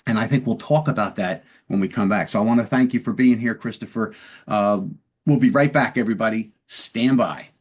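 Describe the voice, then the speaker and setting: A man's voice: lowish voice, a little fast. A man hosting a long-form interview, explaining de-escalation techniques in a conversational way and acting out short example dialogues. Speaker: podcast host and police lieutenant.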